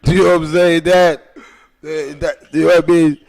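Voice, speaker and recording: Man, podcast host, rambling, emphatic, profane, high gravelly voice. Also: little pitch movement, normal speed, darkish tone. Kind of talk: casual chat.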